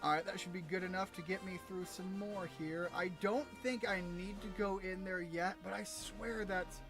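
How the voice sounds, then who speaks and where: High-voiced joking American streamer man. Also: fairly even intonation, normal speed, music in the background. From United States. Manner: rambling, joking, self-mocking. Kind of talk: casual gameplay commentary.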